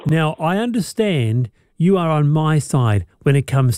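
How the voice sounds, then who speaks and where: A man hosting a radio talk show, lively and quick to laugh, speaking into a studio mic. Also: on the high side, dry recording. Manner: lively, laughing, repeats words. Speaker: radio host.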